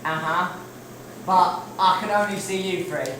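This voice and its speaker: A woman's voice: fairly low pitch, a little slow, background noise, natural voice. A woman on stage playing a skeptical pirate crew member who questions the captain's plans in a live comedy show. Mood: wry. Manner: wry, skeptical. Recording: echoey stage from far off.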